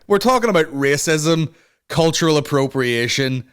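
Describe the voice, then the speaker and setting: Excitable sweary podcast host. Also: male voice, a little high, a little slow, clean tone. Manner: profane, excitable, mimics voices mid-story. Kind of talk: solo comedy podcast chat.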